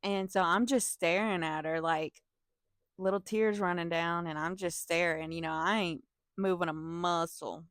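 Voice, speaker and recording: A young woman telling a story from her school days in an animated, profane manner, with laughing asides to her viewers. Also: lowish voice, measured pace, no echo, clean studio sound. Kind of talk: casual storytime vlog.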